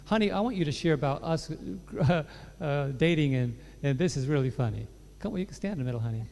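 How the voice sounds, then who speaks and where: A man gives his personal testimony to a congregation. He tells it with joking asides, in a voice a little higher than most men's. The sound rings with the long reverb of a large church hall. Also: expressive, quick pace, slight background noise. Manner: warm storytelling, joking asides. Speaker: pastor sharing his testimony.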